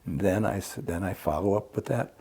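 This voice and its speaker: A man with a deep, dark-toned voice that has a breathy edge speaks at normal speed in a casual podcast conversation. He works as a conflict mediator and reflectively explains his method, using acted examples.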